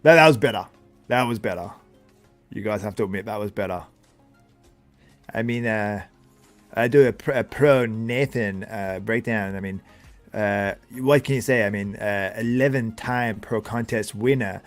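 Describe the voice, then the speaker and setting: A man's voice: on the low side, fairly even intonation, soft background music, close to an everyday voice. A tired, sore-voiced man doing a strained foreign-accented impression of a bodybuilding coach, stumbling over "I mean" and "uh" fillers. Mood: boastful. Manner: halting, stacks "I mean" and "uh" fillers. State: voice getting sore. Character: heavy-accented older male bodybuilding coach.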